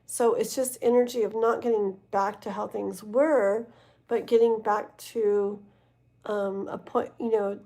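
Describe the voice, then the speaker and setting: A woman's voice: medium pitch, dark tone. A woman reading tarot live and chatting casually with viewers, with many fillers and "okay?" check-ins. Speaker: tarot reader.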